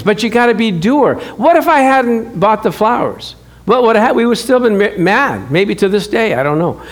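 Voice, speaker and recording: High-voiced man telling a sermon story. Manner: animated storytelling, acts out dialogue, chuckles often. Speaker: pastor. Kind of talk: sermon with personal stories.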